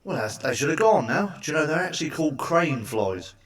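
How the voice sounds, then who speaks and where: A stand-up comedian fires off crude one-liners, swearing and chatting while asking the listener to agree with him. His voice is a little high, very animated, brisk and fairly bright, recorded far from the mic.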